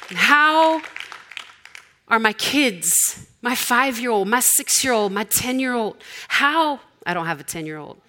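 A woman's voice: fairly high pitch, lively intonation, moderate pace, few pauses, bright, forceful tone. A woman in her forties preaching a sermon, telling stories in a conversational, humorous way.

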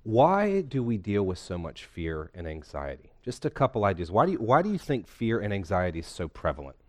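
Low-voiced male pastor, conversational sermon. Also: wildly swooping pitch, brisk, a little mellow. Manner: conversational, asks the room questions, retells a comedy scene. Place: church hall with a congregation.

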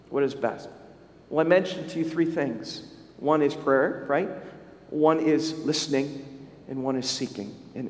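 A man with a high-pitched voice preaches a sermon, putting questions straight to his congregation. His voice rings through a large hall with a long, echoing reverb. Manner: storytelling preacher, speaks directly to the congregation with questions. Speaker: pastor.

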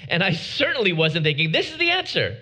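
A man giving his testimony to an audience, preaching with dramatic pauses and drawn-out words. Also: high voice, wildly swooping pitch, sharp tone, breathy edge.

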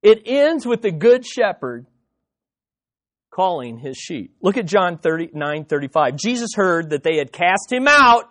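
A man preaching an expository sermon to his congregation, animated and conversational, often restarting his sentences and dropping into quick playful impressions. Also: high voice. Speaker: pastor.

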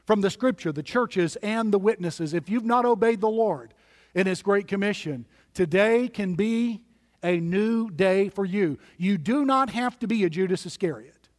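A man's voice: high voice, lively intonation, moderate pace, in a large hall. A man preaching a sermon as pastor, emphatic and building through repeated lists.

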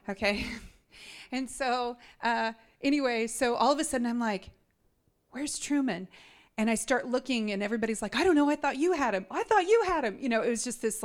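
A woman in her thirties giving an earnest, animated mission trip testimony to a church congregation, talking straight to the listeners. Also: fairly high pitch. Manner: earnest and animated, addressing the audience directly.

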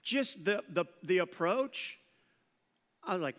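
A man preaching a sermon as pastor, animated and acting out quoted voices. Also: sits high, slow pace. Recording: long hall reverb.

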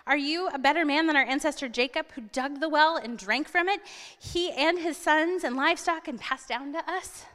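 A woman's voice: high-pitched, normal speed, pushed and bright, in a large hall. A woman voicing a wary, weary woman at a well who asks earnest questions. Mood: questioning.

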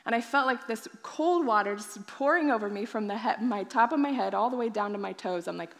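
A woman pastor telling a personal testimony in a sermon, acting out her own past thoughts with animated storytelling. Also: fairly high pitch, fairly quick, big-room sound.

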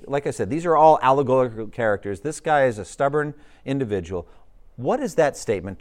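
A man's voice: medium pitch, expressive, brisk, darkish tone. Conversational male Bible study teacher. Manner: conversational, asks the class questions.

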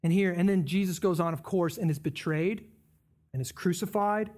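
A man's voice: sits high, normal speed, darkish tone. A man preaching a sermon, explaining scripture in an emphatic, conversational way. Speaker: pastor.

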